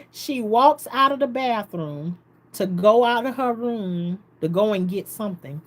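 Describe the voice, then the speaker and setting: Speaking at a measured pace in a medium-pitched voice, a woman vlogger recounts a story. She's animated, quotes others, and laughs frequently throughout this casual storytelling.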